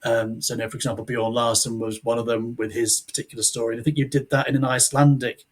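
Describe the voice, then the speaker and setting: A man's voice: mid-range voice, flat delivery, quick pace. A man, an author, chatting casually as a podcast guest, rambling and restarting his sentences with the odd chuckle. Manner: rambling, self-interrupting, chuckling.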